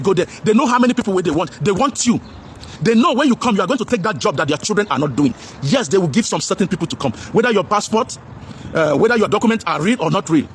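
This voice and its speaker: Nigerian man, high voice, rapid-fire, loud and preachy, pidgin mixed in, faint background noise. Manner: preachy, loud, repetitive, talks straight to viewers as brother; mixes English with Pidgin. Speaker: commentator. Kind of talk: impassioned vlog commentary.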